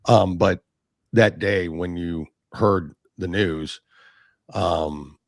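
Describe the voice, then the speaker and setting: A man hosting an interview, who affirms his guest often and asks questions in a relaxed, chatty way. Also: sits low, very slow, no echo, clean studio sound. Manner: affirming, frequent agreement. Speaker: host. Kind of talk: conversational interview.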